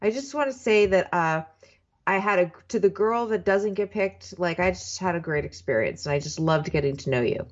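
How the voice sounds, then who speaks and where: A woman's voice: fairly low pitch, normal speed, dull audio. A woman co-hosting a casual chat, making dry jokes. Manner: dry, wisecracking. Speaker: podcast co-host.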